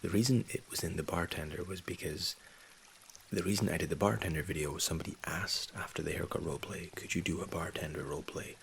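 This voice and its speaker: A very low, gravelly man in his thirties, from England and raised in Scotland, answering viewer questions in soft-spoken ASMR. He keeps his voice hushed and easygoing, often sliding into whispers, close to a condenser mic at home. His voice has a heavy, creaky fry. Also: fast, a little hiss or hum. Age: 30s. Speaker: ASMR channel host. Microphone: USB condenser mic.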